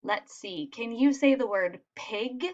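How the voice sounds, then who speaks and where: A woman's voice: a little high, slow, lo-fi sound. A woman teacher giving a recorded phonics lesson for children, patient and encouraging as she spells out sounds.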